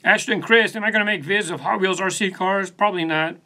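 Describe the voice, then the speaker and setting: On a casual live stream from his own studio, a channel host reads out comments and answers viewers by name in a loose, meandering way, filmed on a phone set on a post. His high-pitched voice sounds pushed and bright and runs a little fast.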